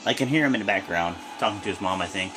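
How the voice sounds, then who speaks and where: Sleepy young dude rambling through a reaction vlog, keeps correcting himself. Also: male voice, sits low, racing, over music. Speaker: wrestling reaction vlogger. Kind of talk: casual reaction commentary.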